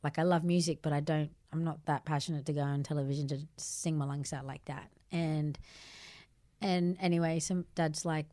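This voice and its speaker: An Australian woman, a podcast guest, telling a lively personal story with frequent fillers and easy laughs. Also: low-pitched, moderate pace, dry recording. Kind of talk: casual storytelling interview.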